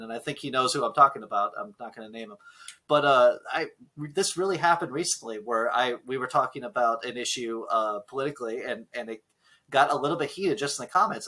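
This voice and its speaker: A man hosting a podcast in casual chat, ranting and swearing, voice swinging between loud and soft. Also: medium pitch, husky, poor audio. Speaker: podcast host. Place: basement room.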